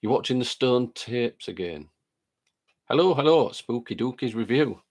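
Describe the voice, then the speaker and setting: A man's voice: mid-range voice, animated, moderate pace, a little mellow. A man hosting a live stream, chatting casually and greeting viewers by name while reading their comments aloud, with a lingering chest cold.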